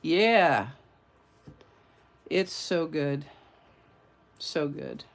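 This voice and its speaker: A woman's voice: low voice, expressive, very slow. A woman demonstrating card-making in a casual, chatty tutorial, greeting her viewers and drifting into side stories. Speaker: papercraft demonstrator.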